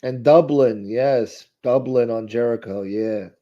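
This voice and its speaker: A man's voice: medium pitch, slow pace, dark tone. A middle-aged man hosting a live stream, chatting casually and profanely as he reacts to viewer comments. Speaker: live stream host reading chat. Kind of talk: casual chat. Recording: dull lo-fi audio.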